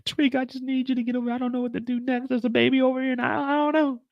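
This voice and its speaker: A man's voice: very high-pitched, flat delivery, very fast, gravelly, no room sound, lo-fi sound, pitched above the performer's own voice. A man putting on the voice of a frantic young woman pleading for help on the phone.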